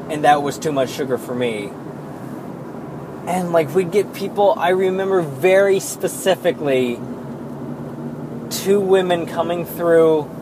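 A man with a fairly high voice tells rambling work stories in a casual monologue, exasperated and freely swearing. He talks in an unhurried, drawn-out way from inside a car, with faint road noise underneath. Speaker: vlogger telling work stories.

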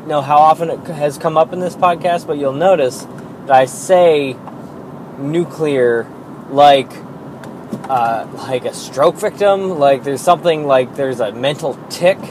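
In a casual solo podcast monologue, a male host speaks at an ordinary pitch, slow and drawn-out, rambling and mocking himself with frequent fillers and swearing. A steady background hiss runs underneath.

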